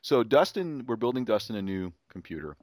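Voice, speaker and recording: A middle-aged man hosts a casual chat, spinning a long, rambling family story. His voice moves around a lot in pitch. The sound is dry and close. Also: very animated, brisk, no echo. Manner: rambling with restarts, acts out his son's voice. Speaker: podcast host.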